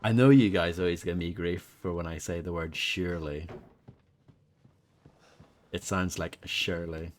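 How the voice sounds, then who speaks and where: Male streamer, very low pitch, loose self-mocking chatter, faint hiss behind. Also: fairly even intonation, measured pace, long pauses. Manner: rambling, self-deprecating, chats with viewers. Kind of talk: casual live gameplay chat.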